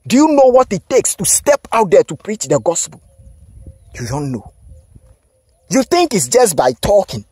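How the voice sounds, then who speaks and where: A man's voice: high-pitched, sing-song, a little slow, long pauses, a little mellow, breathy edge, no room sound. A man, a self-styled prophet, scolding his listeners and firing off repeated rhetorical questions. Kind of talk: scolding spiritual monologue.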